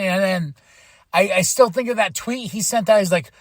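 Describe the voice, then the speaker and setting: A man's voice: sits high, fairly quick, fairly bright tone, no room sound, clean studio sound. A man hosting a podcast, recapping wrestling in casual, profane chat and mimicking wrestlers as he goes. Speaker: podcast host.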